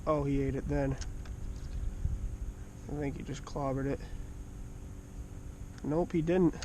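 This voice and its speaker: A man films his own fishing trip from a small boat, talking in a mid-range voice and taking his time. He mutters quietly while waiting, then shouts in excited bursts when fish bite. It's casual fishing vlog commentary, with background noise in the recording.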